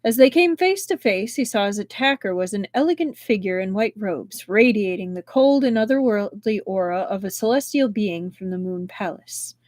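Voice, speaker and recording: A woman reading a novel aloud on a live stream, expressive, with big changes in loudness. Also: medium pitch, moderate pace, few pauses, no room sound. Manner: expressive, with strong shifts in loudness. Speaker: book reader and livestream host.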